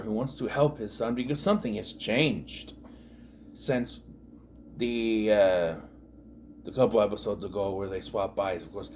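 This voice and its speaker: A man's voice: lowish voice, a little hiss or hum. A man in his thirties giving a casual episode recap, rambling and sarcastic, full of fillers and asides. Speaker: TV show reviewer.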